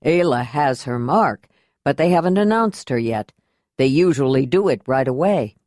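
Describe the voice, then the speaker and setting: Lady reading as a calm steady man in charge, low voice, firm. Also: normal speed, dry recording, studio quality. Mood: concerned. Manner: calm, reasoned and commanding. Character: steady male clan leader, calm and firm.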